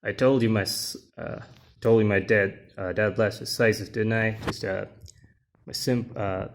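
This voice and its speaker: A man's voice: lowish voice, steady tone, unhurried, slight background noise. A man reading the lines of a grumpy, folksy-talking hero from a comic in a plain voice. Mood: grumbling.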